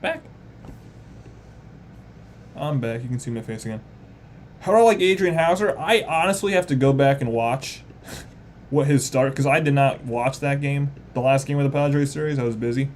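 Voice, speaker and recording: A young man calling a baseball game live on a stream in casual play-by-play, chatting with viewers between pitches. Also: normal speed, pauses often, darkish tone, slight background noise. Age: young adult.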